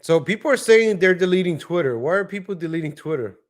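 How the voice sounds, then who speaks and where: A man's voice: sits high, animated, quick pace. A man hosting a casual livestream, chatting and joking in rambling asides. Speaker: livestream host. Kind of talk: casual live-stream commentary.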